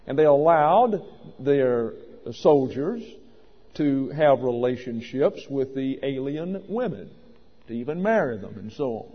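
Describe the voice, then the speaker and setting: A pastor preaches a sermon in a lo-fi recording made in an echoing hall. His husky, medium-pitched voice is expressive and slow, and his delivery is emphatic and wry, with occasional pauses to correct himself.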